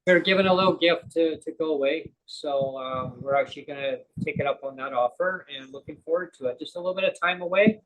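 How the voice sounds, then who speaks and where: A man's voice: fairly high pitch, quick pace, few pauses, fairly bright tone, rough recording. A man hosting a show, chatting casually and jokingly, rambling with many fillers and restarts. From Canada. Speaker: podcast host. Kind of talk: casual chat.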